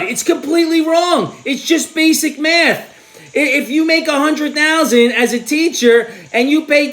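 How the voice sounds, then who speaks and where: A man hosting a vlog, giving sarcastic, exasperated political commentary that bursts into shouting. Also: very high-pitched. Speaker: host.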